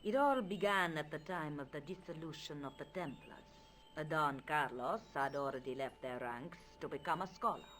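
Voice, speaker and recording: An actress voicing a proud, formal countess in a video game, with an imperious, dramatic manner. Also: female voice, low-pitched, animated, moderate pace, few pauses, a bit bright, slight background noise. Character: proud Spanish countess, haughty, bitter, later hopeful.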